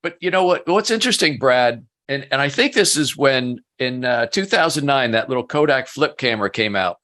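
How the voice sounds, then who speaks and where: A man's voice: mid-range voice, lively intonation, moderate pace, bright, forceful tone. A middle-aged man, a business coach, telling stories in a casual interview, chatty and self-mocking. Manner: chatty, self-mocking storyteller who laughs often.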